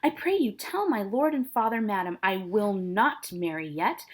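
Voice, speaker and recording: A woman reading the part of a defiant teenage noble girl who refuses a marriage, speaking the verse slowly and with emphasis. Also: mid-range voice, lively intonation, natural voice. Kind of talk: dramatic reading of a play.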